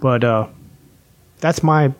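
A man's voice: mid-range voice, slow. A man on a podcast telling his life story in casual chat, candid and full of swearing. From West Virginia. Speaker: podcast guest.

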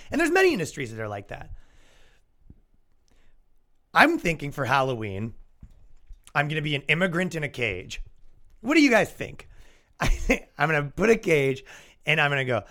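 A young Canadian man hosts his own comedy podcast with a sarcastic, swearing rant. His fairly high voice swings widely in pitch as he mocks opposing views. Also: fairly quick, pauses often. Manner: animated, sarcastic, swearing, mock-quoting opponents. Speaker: podcast host.

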